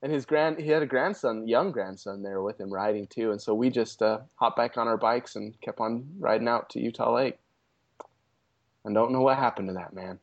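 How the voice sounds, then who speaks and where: A man's voice: mid-range voice, moderate pace, vocal fry, highs cut off. A man guest on a podcast, telling a story casually with many restarts and amused asides. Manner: rambling, self-amused, frequent restarts.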